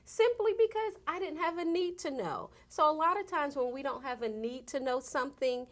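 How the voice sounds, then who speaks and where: High-pitched and at a normal pace, this woman's voice carries lively intonation. As a guest from an AIDS service organization on an interview show, she discusses her outreach work earnestly and emphatically in casual conversation.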